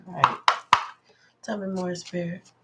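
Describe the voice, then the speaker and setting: A woman's voice: lowish voice, fairly even intonation, a little slow, heavy background noise. A woman giving a casual live tarot reading, musing aloud and greeting her viewers. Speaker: tarot reader.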